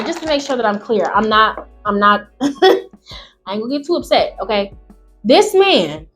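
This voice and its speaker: A woman host reading online stories aloud in a quieter voice, then breaking into loud, exclamatory rants full of swearing. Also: on the high side, very animated, moderate pace, pauses often, faint music behind. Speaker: channel host.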